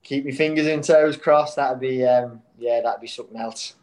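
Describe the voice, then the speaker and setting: Footballer with a Scouse-like Irish-Australian mix. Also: male voice, mid-range voice, fairly even intonation, normal speed, darkish tone, low-quality recording. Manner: rambling, many restarts, spirited. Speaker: national team footballer, guest. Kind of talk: casual interview chat.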